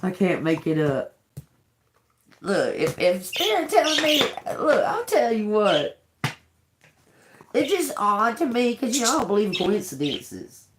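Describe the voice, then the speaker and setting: Blunt, foul-mouthed woman hosting a livestream, animated delivery, roomy echo. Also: mid-range voice, unhurried, pauses often, noisy background. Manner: blunt, profane, animated storytelling. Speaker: tarot reader livestream host. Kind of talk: casual livestream talk. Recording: echoey room.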